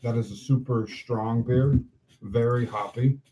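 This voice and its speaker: A man's voice: medium pitch, fairly even intonation, a little slow. A man in a casual podcast chat, giving his beer opinions in an easygoing, plain-spoken way. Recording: dull lo-fi mic with faint noise.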